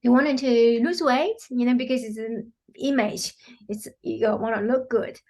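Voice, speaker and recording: Brief: woman healer explaining her practice, earnest, slightly higher pitch, loose filler-heavy phrasing. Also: unhurried, darkish tone. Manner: earnest, many "you know" fillers, acts out quotes. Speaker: quantum healing practitioner, guest. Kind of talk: explanatory interview talk.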